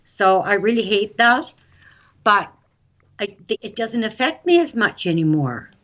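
A woman guest telling her own story in a casual interview, chatty and excitable, recorded on dull lo-fi audio. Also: mid-range voice, a little slow.

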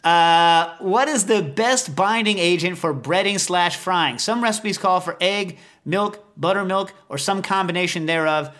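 A man hosting a podcast, telling a rambling, animated story in casual chat. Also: high-pitched, a little slow, hardly any pauses. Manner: rambling, animated, lots of fillers. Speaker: podcast host.

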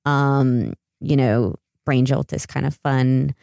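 An American woman speaking as a podcast guest, chatting in a relaxed way with frequent ums. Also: rumbling low, takes it slowly, gravelly, no echo, clean studio sound. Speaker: education consultant guest. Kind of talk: casual interview chat.

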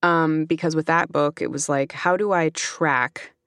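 A woman talks quickly and chattily as an interview guest, her voice smooth and resonant. The sound is dry and close, with no room around it. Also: low voice, fairly even intonation, a bit bright, no room sound. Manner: chatty, quick, lots of fillers. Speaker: audiobook narrator and author, guest. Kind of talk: casual interview chat.

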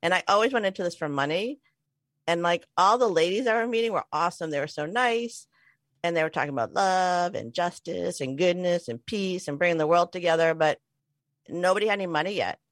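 A woman in her forties co-hosting a podcast, with a fairly low voice. She tells her story in a chatty, self-deprecating way and laughs easily. The sound is dry and close, with no room around it. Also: fairly quick, no echo. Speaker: podcast co-host. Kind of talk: casual storytelling chat. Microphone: remote call mic.

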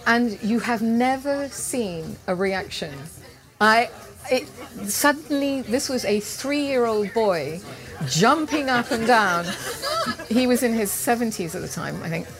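A woman cooking teacher telling a lively personal story as an interview guest at an outdoor market event. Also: on the high side, measured pace, a crowd in the background. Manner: animated anecdote-telling with laughs and quoted voices. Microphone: handheld interview mic, live recording.

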